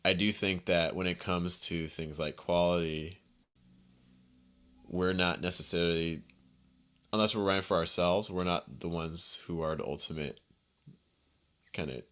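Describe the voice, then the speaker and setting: Low-pitched man, calm and reflective, talking ideas through in conversation. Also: unhurried, pauses often, clear, resonant tone. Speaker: podcast co-host. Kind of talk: casual conversation.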